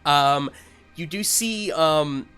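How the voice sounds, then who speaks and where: A man's voice: on the high side, drawn-out words, pushed and bright, clear, resonant tone, soft background music. A man narrating as game master in a tabletop game, in a loose, filler-heavy way.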